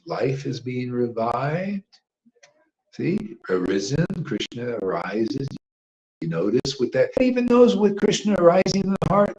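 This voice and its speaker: A man giving an informal devotional sermon, rambling and emphatic, dropping to hushed asides and rising to loud outbursts, with slangy "man" and "you know" throughout. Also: a little high, poor audio. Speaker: devotional teacher leading a chanting gathering.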